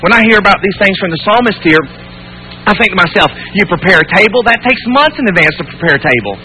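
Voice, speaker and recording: A man preaching a sermon to his congregation, swinging between loud emphasis and hushed tenderness and asking repeated rhetorical questions. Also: high voice, lively intonation, quick pace, a little hiss or hum, poor audio. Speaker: pastor.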